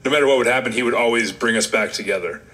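Man, bright forceful voice, casual interview, candid rambling storytelling. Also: mid-range voice, rapid-fire, rough recording. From Rochester, New York. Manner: candid, rambling, self-deprecating. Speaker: guest, former wrestler.

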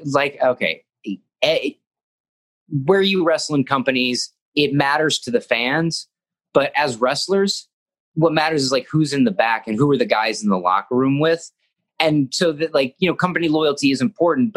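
A young man, a pro wrestler, speaks at a moderate pace in a mid-range, fairly bright voice. His casual interview talk is earnest and rambling, with restarts and moments where he acts out what he said.

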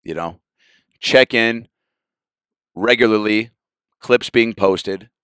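A man, a comedian hosting his podcast solo, riffing loosely and crudely and breaking into sudden yelled bits. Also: fairly low pitch, slow pace, clean tone, dry recording, studio quality.

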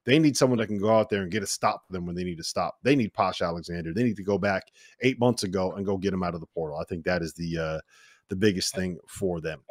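Male podcast host, deeper voice, dry studio sound, easy laughing, keeps the chat moving. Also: fast, dry recording. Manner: laughs often, steers the conversation. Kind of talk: casual sports podcast chat.

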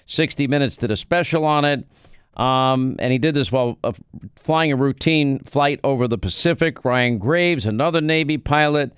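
A man's voice: medium pitch, normal speed, smooth, no room sound, clean studio sound. An American man hosting a talk radio show, delivering an emphatic, conversational monologue with frequent restarts. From United States.

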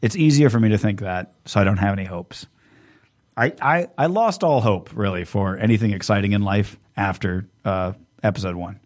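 A man hosting a podcast in casual chat, rambling and animated, swearing freely. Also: on the low side, normal speed. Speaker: podcast host.

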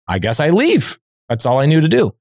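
A man, a podcast guest, telling a personal anecdote in a lively, conversational way, dropping "like" as a filler. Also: a little high, brisk, no room sound, clean studio sound. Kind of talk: storytelling anecdote.

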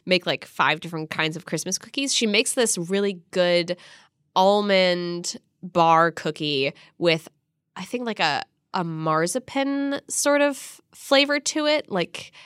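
A woman hosting a casual podcast, reading listener emails aloud in a giggly, animated, self-mocking way. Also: fairly low pitch, measured pace, smooth, no room sound, studio quality. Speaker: podcast host.

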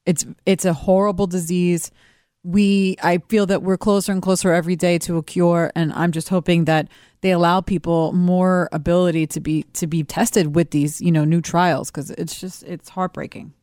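A woman's voice: fairly low pitch, flat delivery, normal speed, a little mellow, smooth, no echo, studio quality. A woman co-hosting a radio talk show, chatting earnestly and sympathetically. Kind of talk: casual on-air chat. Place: radio studio.

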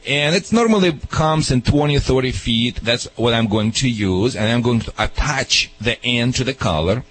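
Confident male dog trainer on call-in radio, emphatic, medium pitch. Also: lively intonation, normal speed, fairly bright tone, rough recording.

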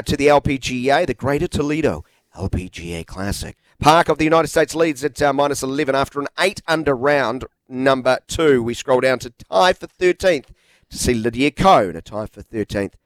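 Teasing New radio host, dry studio. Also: male voice, medium pitch, no room sound. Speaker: radio sports show host. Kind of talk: casual radio banter and sports news reading. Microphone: studio microphone.

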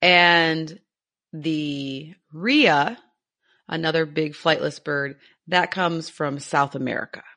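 A woman co-hosting a nature podcast in casual chat, enthusiastic and quick to laugh. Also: low-pitched, sharp tone. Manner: enthusiastic, laughs easily, explains with some fillers. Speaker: podcast co-host.

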